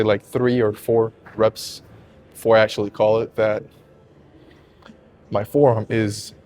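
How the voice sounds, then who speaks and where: A man's voice: on the low side, a little mellow. A man talking casually in a gym between sets, out of breath, candid and swearing freely. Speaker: fitness vlogger. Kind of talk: casual gym vlog talk.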